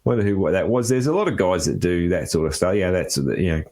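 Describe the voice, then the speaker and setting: An Australian man hosting a podcast interview, talking in a halting way with lots of fillers and restarts. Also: low voice, lively intonation, a little mellow. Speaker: podcast host. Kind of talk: casual interview chat.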